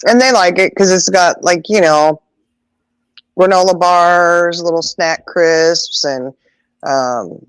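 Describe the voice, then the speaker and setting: A middle-aged podcast host with a lowish, clear and resonant voice tells stories in casual chat, animatedly acting out voices in quotes. She laughs often and draws out exclamations; there's no echo, but the audio is poor.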